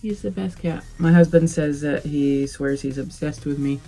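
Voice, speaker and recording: A young adult woman chatting casually through a makeup tutorial, relaxed and rambling with many fillers. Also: deep voice, normal speed, faint music behind. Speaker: beauty vlogger.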